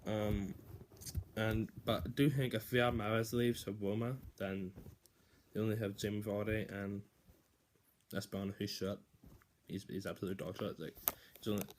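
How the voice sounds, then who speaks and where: A man's voice: on the low side, a little hiss or hum. A young man casually giving football predictions, rambling, swearing and restarting sentences often.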